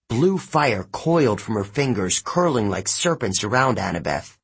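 A man narrating an audiobook in the first person, expressive and unhurried. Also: fairly low pitch, breathy edge.

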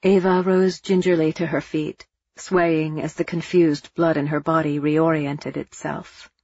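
A woman reading a novel as an audiobook narrator, measured and expressive. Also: low-pitched, husky, no echo, highs cut off. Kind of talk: scripted narration.

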